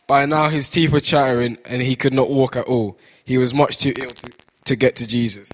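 A man's voice: medium pitch, fairly even intonation, moderate pace. A man co-narrating a comic story in an amused way, with restarts and chuckles.

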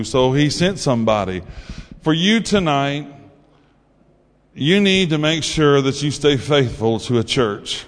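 A man's voice: on the high side, animated, unhurried. A man giving a sermon testimony, telling his story in a folksy way and acting out the voices in it. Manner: folksy storytelling, acts out quotes. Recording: long hall reverb.

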